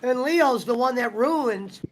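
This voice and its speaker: A man's voice: very high voice, lively intonation, slow, a little hiss or hum, rough recording. A man hosting a live stream, chatting casually and telling rambling, profane stories. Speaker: streamer host. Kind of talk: casual chat.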